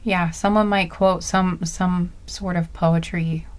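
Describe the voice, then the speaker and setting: A woman's voice: on the low side, steady tone, takes it slowly. Meandering woman giving an intuitive reading. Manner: meandering, searching aloud for words. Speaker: intuitive card reader. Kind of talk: spoken intuitive reading, casual monologue.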